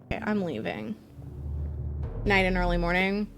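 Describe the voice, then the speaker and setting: A woman's voice: on the low side, steady tone, normal speed, a bit bright, faint music behind. A woman streaming a game live, chatting playfully and swearing freely as she thinks aloud. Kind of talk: casual live gameplay commentary.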